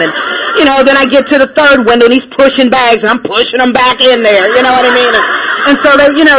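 A woman speaker telling her own recovery story in a lively, laughing way, with many fillers. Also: a little high. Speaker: traveling speaker. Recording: noisy recording.

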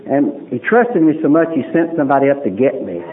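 A man's voice: a little high, very animated, fairly quick. A man giving a personal testimony at a recovery meeting, a folksy storyteller who acts out what people said. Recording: tinny lo-fi recording with faint hiss.

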